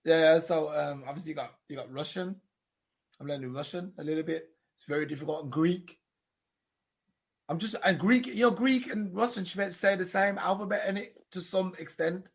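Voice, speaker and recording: A talkative man co-hosting a podcast, his voice sitting a bit higher than most men's. He explains things at length in a loose, casual way. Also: normal speed, gravelly. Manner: chatty, explains at length, tries out foreign phrases. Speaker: podcast co-host. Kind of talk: casual chat.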